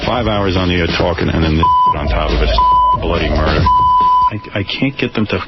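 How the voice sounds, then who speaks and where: A man's voice: sits low, lively intonation, fairly quick. A man hosting a radio show who rants and curses while mocking the ad copy he has to read aloud. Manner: exasperated, cursing, mocking the ad copy. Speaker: radio host reading an ad. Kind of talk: ranting ad read. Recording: dull lo-fi radio recording with music.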